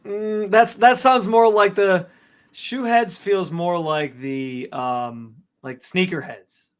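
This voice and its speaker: A young man co-hosting a sports podcast in casual chat, laid-back and quick to laugh, leaning on "like" as he talks. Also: sits high, smooth. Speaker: podcast co-host.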